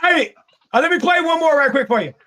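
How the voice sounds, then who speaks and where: A man from Maine, a guest musician chatting on a livestream, excited and quick to laugh. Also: extremely high pitch. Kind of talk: casual chat on a livestream.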